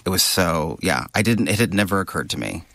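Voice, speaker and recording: A male Broadway actor as an interview guest, telling stories in an animated, halting way with restarts and laughs. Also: deep voice, creaky, no room sound. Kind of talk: conversational interview storytelling.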